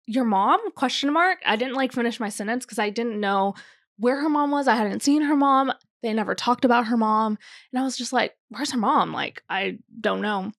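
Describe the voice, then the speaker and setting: A young woman co-hosting a podcast, telling stories in a chatty way, full of "like" and quick laughs. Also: fairly high pitch, no room sound, studio quality. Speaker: podcast co-host, wedding photographer. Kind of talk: casual chat.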